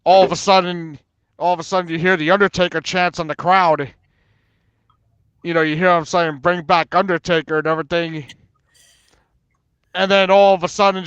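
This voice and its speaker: A man in casual panel talk, telling stories with lots of acted-out quotes and laughter. His voice sits a little high and sounds smooth. The sound is dry and a bit dull. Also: dry recording. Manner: animated storyteller, acts out quotes, laughs often. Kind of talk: casual chat.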